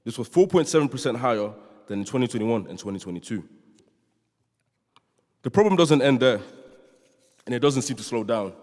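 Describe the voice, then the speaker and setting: A man's voice: medium pitch, lively intonation, fairly quick, pauses often, a little mellow. A young man from London giving an earnest prepared speech as a student speaker in a large chapel, joking with the audience at times. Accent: London English. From London, born in Nigeria. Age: young adult. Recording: long reverb of a chapel hall.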